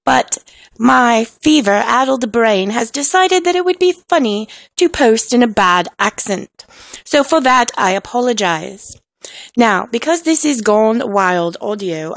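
A woman with a fever puts on an over-the-top fake British accent for a rambling comic monologue. Her voice sits fairly high and has a lot of gravelly fry. She sounds dry and close, with no room around her. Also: lively intonation, slow, no echo. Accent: deliberately fake, exaggerated British accent. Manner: self-mocking, apologetic, playful. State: sick with a fever. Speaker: amateur audio poster. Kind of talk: casual comedic monologue.

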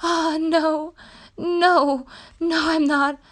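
A woman voicing a proud, defiant young captive princess in an adult audio role-play, breathy and gasping as she pleads. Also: very high voice, flat delivery, drawn-out words, exaggerated voice. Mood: pleading.

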